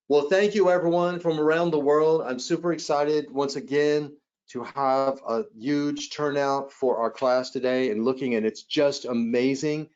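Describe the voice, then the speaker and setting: Male trainer, mid-pitch, energetic webcast presenter who jumps into character bits; slightly muffled stream sound. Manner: animated, acts out callers and agents in role-play. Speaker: hospitality sales trainer. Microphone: webcast mic.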